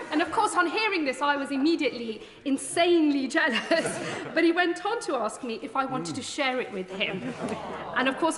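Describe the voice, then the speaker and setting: Woman telling a fond anecdote in parliament. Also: high voice. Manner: anecdotal, amused, laughs while telling. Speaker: member of parliament. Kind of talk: tribute speech in parliament. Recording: echoey chamber with long reverb and murmuring crowd.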